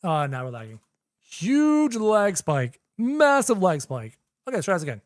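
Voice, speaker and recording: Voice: mid-range voice, huge pitch swings, moderate pace, dry recording, studio quality. A young adult game streamer doing live gameplay commentary, chatty, talking to chat and repeating phrases while figuring things out.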